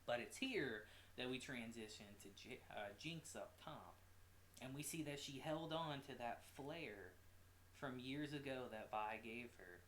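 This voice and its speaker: A man giving a casual, animated recap of a show episode as a reviewer, with swearing and quick asides. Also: mid-range voice, echoey room, slight background noise. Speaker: anime reviewer.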